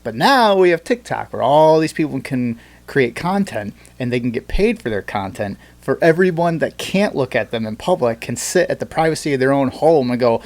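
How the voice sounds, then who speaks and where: A man's voice: mid-range voice, very animated, moderate pace, hardly any pauses. A man hosting a casual podcast chat, telling loose stories with many fillers and restarts. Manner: rambling, filler-heavy storytelling. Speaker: podcast host.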